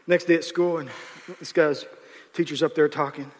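A man in his fifties, a pastor preaching a storytelling sermon in an animated way, often acting out the people he quotes. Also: a little high, normal speed. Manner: animated, acts out quotes, restarts. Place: large church auditorium. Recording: reverberant hall.

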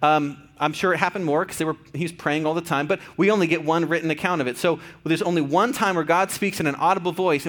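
Earnest man preaching with a raised pitch. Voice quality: conversational, earnest, many fillers and restarts. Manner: drops to soft, quiet tones for tender moments. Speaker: pastor. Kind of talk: sermon.

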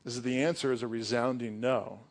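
A man's voice: medium pitch, steady tone, brisk. A young adult man preaching a sermon as pastor, earnest and conversational, with casual asides.

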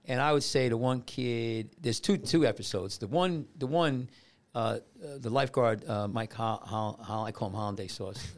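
A man hosting a podcast, telling stories in a rambling, halting way with many restarts and a New Jersey accent. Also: mid-range voice. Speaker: podcast host. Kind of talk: casual storytelling chat.

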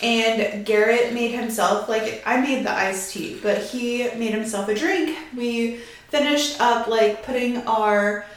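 A woman's voice: on the high side, fairly even intonation, slow, heavy reverb. A young woman hosting her lifestyle podcast in a chatty, bubbly way, a little out of breath and laughing often. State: a bit out of breath. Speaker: podcast host. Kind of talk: casual podcast chat.

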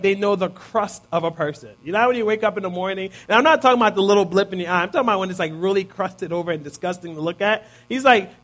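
A man in his thirties giving a conversational sermon, often checking in with listeners by asking "right?". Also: high voice. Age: 30s. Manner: casual, peppers points with "right?". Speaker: preacher.

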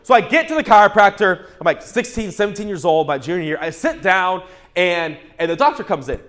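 A male pastor preaching a sermon through a humorous, animated personal story, often restarting his words. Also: high-pitched, fairly quick.

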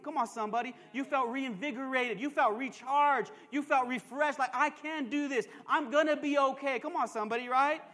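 A man's voice: very high-pitched, pushed and bright. A man preaching a sermon as pastor, emphatic and conversational, with joking asides and call-and-response. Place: church sanctuary. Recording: long reverb of a church hall.

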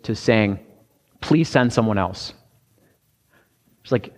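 A man preaching a conversational sermon, halting at times with restarts and fillers. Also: fairly low pitch, lively intonation. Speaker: pastor. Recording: long hall reverb.

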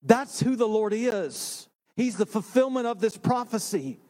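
A man, a pastor, preaching a sermon in a relaxed storytelling way with self-deprecating humor. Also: high-pitched, unhurried. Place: church sanctuary.

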